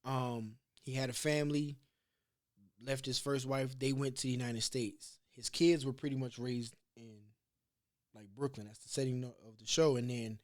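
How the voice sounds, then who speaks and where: A man's voice: mid-range voice, fairly even intonation, moderate pace, darkish tone. A man hosting a podcast, telling rambling, profane stories in casual chat. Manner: rambling storyteller, loose and profane. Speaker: podcast host.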